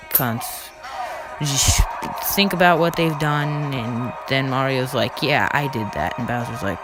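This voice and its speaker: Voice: medium pitch, rough recording. A narrator in a casual voice-over game retrospective, recapping in a rambling, offhand way with frequent restarts and stumbles. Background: background music.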